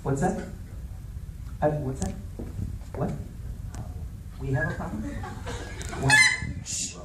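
A man's voice: fairly high pitch, slow pace. A man working as a stage hypnotist, playfully repeating himself and ordering volunteers around during a live show. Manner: repetitive, playful, commanding audience. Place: large venue with audience. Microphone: handheld stage microphone from afar. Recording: echoey room, distant mic, noisy.

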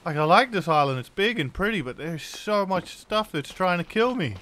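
A man's voice: a little high, animated, moderate pace, hardly any pauses, a bit bright. Jumpy man doing let's-play commentary. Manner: jumpy, exclaims often at scares. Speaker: gaming channel host.

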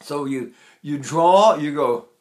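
An eighty-three-year-old man teaches singing technique, talking casually and showing each breathing step as he goes. His speaking voice sits a little high for a man, and he keeps talking even while holding a full breath. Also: slow, slight background noise. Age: 80s. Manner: chatty, demonstrative, holds breath while talking.

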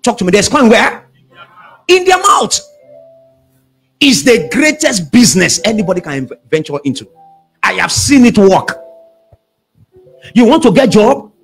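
A man preaches a sermon, his high voice leaping up and down as he calls out for responses. His tone is slightly husky. Faint music plays behind him. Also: big pitch swings, normal speed. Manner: call-and-response preaching, shouting at peaks. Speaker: pastor.

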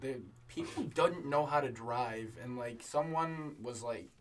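Halting young band member. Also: male voice, medium pitch, recorded from a distance. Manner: halting, repeats words. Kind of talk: casual chat.

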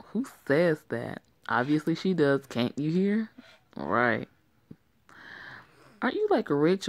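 A woman's voice: low voice, vocal fry, no echo. A young woman who reads and voices every part of a homemade story drama herself, often giggling as she goes. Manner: giggles often while reading, playful. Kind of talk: amateur story voice acting, playing all parts.

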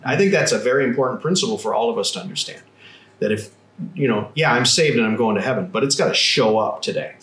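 Male pastor, devotional teaching, earnest and explanatory, medium pitch, echoey room. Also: animated, fast talker, fairly bright tone. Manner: earnest, explanatory, repeats words when restarting. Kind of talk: devotional Bible teaching in conversation.

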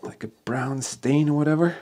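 A middle-aged man talking through a casual vlog, excited and talking to himself and to viewers, outdoors in freezing cold and later in a workshop. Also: fairly high pitch, normal speed, no room sound. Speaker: history hunting vlogger.

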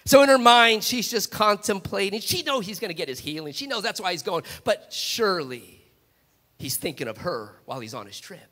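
Bright high-voiced male preacher. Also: normal speed. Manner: animated storytelling, repeated restarts. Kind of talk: sermon. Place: large church sanctuary. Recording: long church hall reverb.

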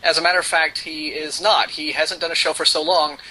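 A man on a casual podcast answering a listener question in a sarcastic way, with a husky voice. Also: fairly high pitch, little pitch movement, brisk, pushed and bright, low-quality recording.

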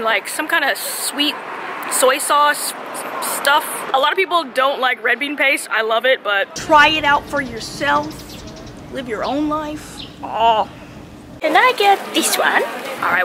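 High-voiced, chatty young woman outdoors. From California. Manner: chatty and excitable, many fillers. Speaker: travel vlogger. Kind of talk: casual vlog narration. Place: outdoors in a busy park and street. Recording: outdoor street noise behind.

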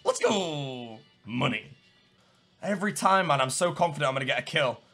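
A young man commentating his own gameplay live, bouncing from grumbling under his breath to sudden yells. His voice sits a little high and swings all over the place, with a gravelly edge. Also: normal speed, soft background music. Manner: excitable, swings between muttering and yelling. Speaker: gaming streamer.

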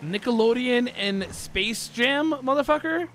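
A man's voice: extremely high pitch, expressive, measured pace, fairly bright tone. A man streaming a role-play game, bantering casually, exasperated and swearing as he rants at his partner. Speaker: streamer playing a cop in online role-play.

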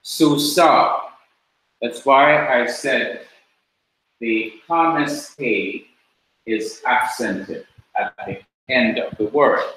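Guy teaching a class real slow and patient, big echoey room. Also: mid-range voice, pushed and bright, a little hiss or hum. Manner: slow, patient explaining with repetition. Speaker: preaching school teacher. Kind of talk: classroom lecture.

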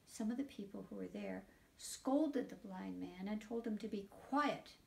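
A woman leading a children's liturgy, reading scripture aloud and explaining it to children in an animated storytelling way, sometimes dropping to a whisper. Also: mid-range voice, unhurried, gravelly. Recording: voice picked up from a distance.

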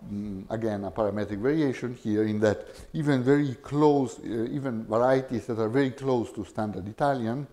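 A middle-aged man giving an academic linguistics lecture, measured and full of hesitations. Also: medium pitch, warm tone. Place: lecture hall.

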